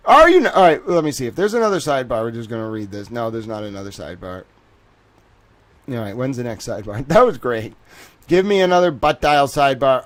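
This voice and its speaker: A man's voice: mid-range voice, animated, fast talker. A man hosting a livestream, reading a court transcript aloud and breaking off with amused, laughing commentary. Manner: laughs often and reacts with amused disbelief. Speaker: livestream host.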